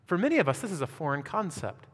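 A male pastor preaching a sermon, reading scripture and asking the congregation rhetorical questions in an animated way. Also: a little high, fast. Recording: long hall reverb.

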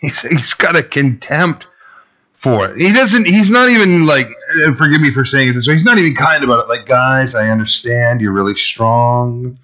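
A man's voice: lively intonation, fairly quick, pushed and bright, highs cut off. Man preaching in a casual, rambling way. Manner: casual and rambling, heavy fillers, rises in pitch for emphasis. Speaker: pastor. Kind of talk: conversational sermon.

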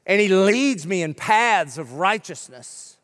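Higher-voiced preacher man in a reverberant hall. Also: very animated, fairly bright tone. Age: middle-aged. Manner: joking, punchy preaching with rapid-fire lists. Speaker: pastor. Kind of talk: sermon. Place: church sanctuary.

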